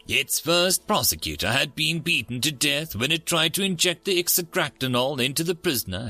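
A man hosting and narrating science fiction stories in a theatrical, expressive way. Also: a little high, dry recording. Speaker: story narrator and channel host. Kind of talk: scripted sci-fi story narration.

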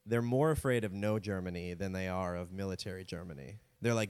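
A man's voice: low voice, fairly quick, few pauses, darkish tone, clean tone. A man co-hosting a casual comedy history podcast, joking around and slipping into silly voices. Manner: jokey, slips into silly put-on voices. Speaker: podcast co-host. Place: home studio with a cat.

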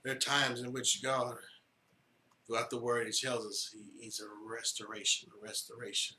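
A man's voice: medium pitch, level tone, moderate pace, pushed and bright, roomy sound, slight background noise. A male pastor preaching a sermon, building emphasis through rhythmic repetition.

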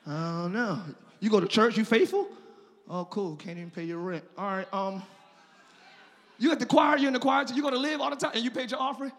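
A male pastor voicing a mocking male devil who taunts in a low, sarcastic tone. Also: a little fast, fairly bright tone, long reverb tail. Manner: sarcastic, sneering.

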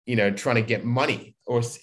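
Relaxed, rambling man talking marketing. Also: mid-range voice, a little fast. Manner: relaxed, rambling, acts out quoted speech. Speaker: guest marketing expert. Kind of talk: casual podcast chat.

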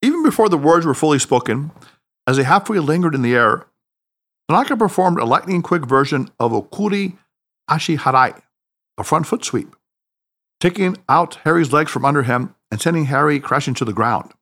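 A man narrating an audiobook story in an expressive, dramatic reading style. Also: fairly high pitch, moderate pace.

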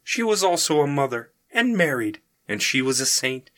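A man voicing the Holy Mother, a gentle, solemn woman, by reading her messages in a raised voice. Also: mid-range voice, big pitch swings, normal speed.

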